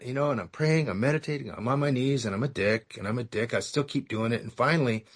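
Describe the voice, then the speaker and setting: Guy sharing his story at a recovery meeting, raspy gravelly voice, wry and sarcastic about himself. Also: medium pitch, quick pace, few pauses. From California. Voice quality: gravelly, husky. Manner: self-mocking, sarcastic, acts out dialogue in his story.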